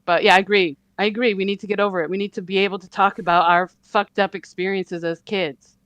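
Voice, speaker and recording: A woman's voice: mid-range voice, steady tone, fast talker, a bit bright, dry recording, highs cut off. A woman in casual chat, speaking earnestly and hesitantly with many fillers. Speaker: podcast guest.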